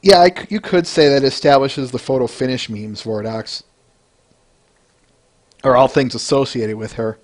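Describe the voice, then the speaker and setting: A man's voice: mid-range voice, moderate pace, long pauses. A man hosting a casual review podcast, rambling with frequent restarts and answering listeners by name between points. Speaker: podcast host.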